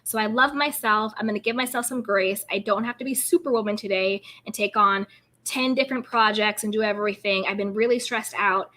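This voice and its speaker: A woman's voice: medium pitch, a little fast, bright, forceful tone. A woman hosting a live stream as a self-care coach, talking in an encouraging, upbeat and affirming way. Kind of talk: casual live-stream talk.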